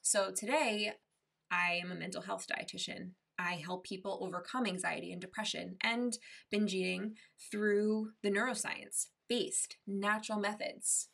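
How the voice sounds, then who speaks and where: A woman's voice: medium pitch, fairly even intonation, moderate pace, creaky, fairly bright tone, distant mic. A woman hosting an online wellness workshop, talking in an upbeat, encouraging way and telling a story. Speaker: mental health dietitian hosting a session.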